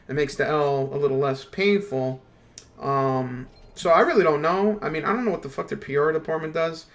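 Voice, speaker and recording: A man talking casually on a livestream, rambling and swearing a lot. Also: a little high. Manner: profane, rambling, animated. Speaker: streamer.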